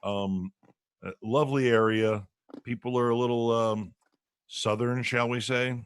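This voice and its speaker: A man's voice: medium pitch, steady tone, unhurried, smooth. A man hosting a casual talk show from home over a video call, rambling with many restarts. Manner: rambling, lots of restarts and fillers. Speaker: radio show host. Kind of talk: casual chat.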